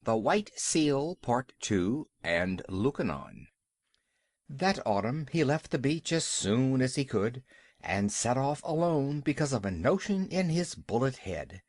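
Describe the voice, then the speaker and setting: A man's voice: mid-range voice, big pitch swings, slow, no room sound. A man narrating a classic animal story as an audiobook reader, telling it expressively. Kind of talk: scripted narration.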